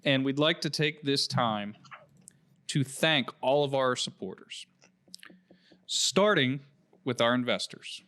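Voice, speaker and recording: A man's voice: mid-range voice, animated, takes it slowly, pauses often, pushed and bright. A young man co-hosting a gaming podcast, chatting casually and laughing often between jokes. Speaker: podcast co-host.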